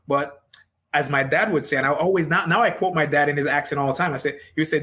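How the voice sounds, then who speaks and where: A man's voice: fairly high pitch, quick pace, bright, forceful tone, rough recording. Earnest Jamaican-accented man. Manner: earnest, emphatic, repeats phrases. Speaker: guest, business coach. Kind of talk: casual interview chat.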